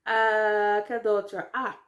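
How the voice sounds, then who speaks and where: A woman's voice: medium pitch, flat delivery. Chatty woman learning French. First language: English. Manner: chatty, self-deprecating, many ums and likes, slow careful French words. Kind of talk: casual talk to camera.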